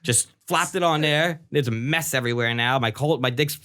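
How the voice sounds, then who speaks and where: Young dude on a podcast, rambling crude stories, cussing, mid pitch voice. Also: male voice, normal speed, a bit bright, clear, resonant tone. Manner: rambling anecdotes, swearing. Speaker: podcast co-host. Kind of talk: crude casual comedy chat.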